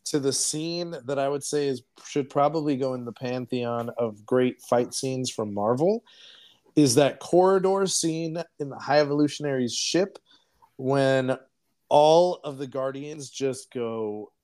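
Man, podcast co-host, casual movie chat, rambling and profane, mid-pitched. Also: measured pace. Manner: rambling, profane, animated recapping.

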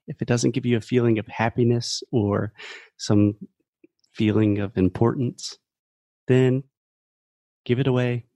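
A man talks in a casual podcast chat, patiently explaining how English words are said. His voice sits a little low, and the sound is dry and close. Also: darkish tone, dry recording. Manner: explains pronunciation patiently, laughs often. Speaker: co-host teaching English.

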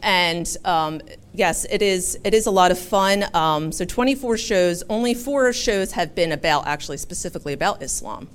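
A woman's voice: on the low side, expressive, moderate pace, smooth. A woman from Philadelphia giving a chatty, humorous public speech as a talk show host. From Philadelphia, USA.

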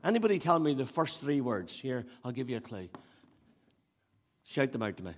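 A male pastor giving a sermon, building up to loud emphatic repeated phrases and dropping back to storytelling. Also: mid-range voice, sing-song, moderate pace, long pauses. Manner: preaching with rising emphatic repetition. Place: church hall. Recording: long hall reverb.

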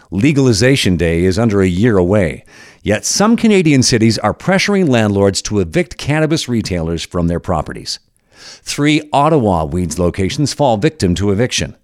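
A man giving scripted documentary narration in a measured, expressive storytelling manner. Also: on the low side, no room sound, studio quality.

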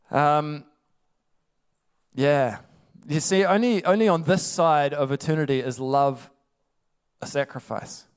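Chatty, high-voiced male preacher. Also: slow, long pauses, clear, resonant tone. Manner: chatty, laughing often, rhetorical asides. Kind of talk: casual conversational sermon.

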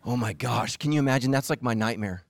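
In a fast, mid-range voice with some vocal fry, this middle-aged pastor gives a comic sermon. He tells stories animatedly, slipping into different voices and acting out quotes. The recording has no echo.

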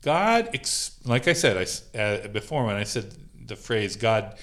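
Leading a Bible study informally on a call, this man has a fairly low, somewhat bright voice that is very animated yet unhurried. He talks things through conversationally, with frequent fillers and light laughs.

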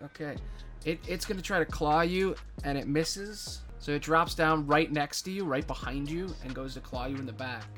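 A man narrating as game master of a tabletop game, casual with dramatic pauses. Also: a little high, a bit bright, soft background music.

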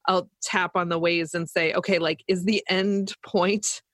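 A woman's voice: fairly low pitch, fairly even intonation, unhurried, fairly bright tone, no echo, studio quality. Chatty woman co-host telling stories. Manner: storytelling, acts out quoted voices. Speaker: podcast co-host, lactation consultant. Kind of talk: casual chat.

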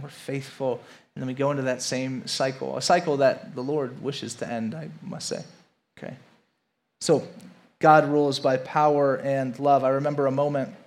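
A young adult man from Louisiana preaching a sermon as pastor, telling stories and building to emphatic points. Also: mid-range voice. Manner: animated storytelling, acts out quotes, rises to emphatic preaching.

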